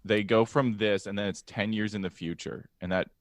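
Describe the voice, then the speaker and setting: A man's voice: fairly low pitch, fairly even intonation, normal speed, dry recording. A man, a comedian guest on a podcast, telling anecdotes in casual chat with a laid-back, hesitant delivery.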